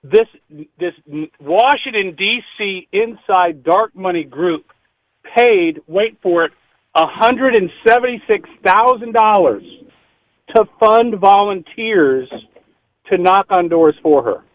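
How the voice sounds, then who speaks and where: A man's voice: sits high, lively intonation, takes it slowly, dry recording, highs cut off. A man running for office as a guest on a radio show, talking eagerly and at length, often repeating his words. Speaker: political candidate guest. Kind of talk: radio interview call-in.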